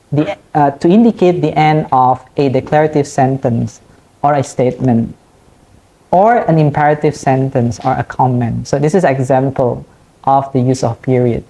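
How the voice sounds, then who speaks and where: A woman lecturer with an Indonesian accent, explaining punctuation in a recorded online class and repeating each example slowly. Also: deep voice, dark tone.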